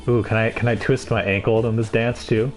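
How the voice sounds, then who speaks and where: A man's voice: lowish voice, little pitch movement, fairly quick, faint music behind. A man streaming a game live, giving sarcastic, mocking commentary on what he sees.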